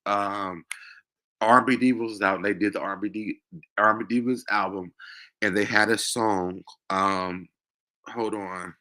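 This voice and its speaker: Host, male, low-pitched and emotional, halting confessional delivery with frequent fillers. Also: sharp tone. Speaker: show host. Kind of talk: personal confessional monologue.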